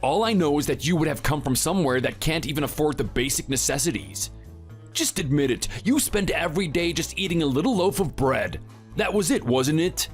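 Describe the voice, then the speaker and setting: For a text-to-speech texting story, a man plays a boastful, muscle-bound bully who taunts and sneers, his voice lively and rising and falling. It's a little high, brisk, and lightly acted, with faint music under the read.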